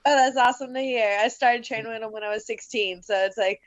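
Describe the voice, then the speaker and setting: A woman's voice: a little high, fast, no room sound, lo-fi sound. A woman in her twenties, a guest fighter, chatting casually on a video call from bed, laughing often. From Canada, grew up in Florida. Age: 20s. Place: in bed at home.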